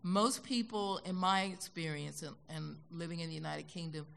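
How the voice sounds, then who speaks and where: An older woman with an American accent tells a story on a concert hall stage, acting out the people she quotes. Her low voice is gravelly and has a bright, forceful edge. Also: fairly even intonation, normal speed, a little hiss or hum. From United States. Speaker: guest. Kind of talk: onstage conversation.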